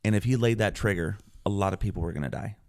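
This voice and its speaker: Man, veteran guest, low gravelly voice, earnest storytelling, clears throat often, dry close sound. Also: fast, a little mellow, no echo. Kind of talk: storytelling podcast interview.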